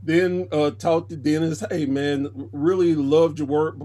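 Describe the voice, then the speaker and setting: A man's voice: on the high side, fairly even intonation, unhurried, dark tone. A man, a podcast guest, telling stories casually and animatedly, jumping into other people's voices when he quotes them. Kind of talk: casual storytelling.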